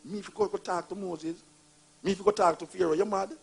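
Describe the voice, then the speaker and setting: A man's voice: sits high, fairly even intonation, quick pace, creaky, breathy edge, pitched above the performer's own voice, heavily acted. A man with a Jamaican accent voicing Moses as a frightened, reluctant prophet who protests in disbelief. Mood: incredulous. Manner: protesting, incredulous.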